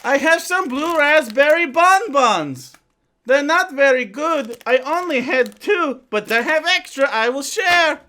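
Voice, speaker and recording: A man putting on a meek, simple-minded European parody of a male political commentator, speaking in short, halting, childlike phrases. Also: very high-pitched, animated, sharp tone, full character voice. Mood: gentle, silly.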